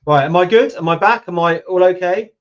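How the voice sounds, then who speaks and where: A British YouTube channel host from the UK, in his fifties, chats casually with viewers on a livestream and answers their comments. He speaks briskly in a high-pitched voice over lo-fi livestream audio.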